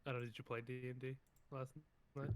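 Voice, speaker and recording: A man joking with friends on a game stream, throwing quick quips. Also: mid-range voice, flat delivery. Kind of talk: casual game stream banter.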